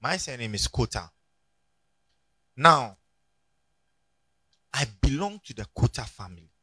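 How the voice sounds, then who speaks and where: A Ghanaian man preaching a sermon in church, telling stories and rising to loud emphatic peaks. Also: medium pitch, very animated, unhurried, husky, no room sound. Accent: Ghanaian English. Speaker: pastor. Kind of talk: sermon with anecdotes.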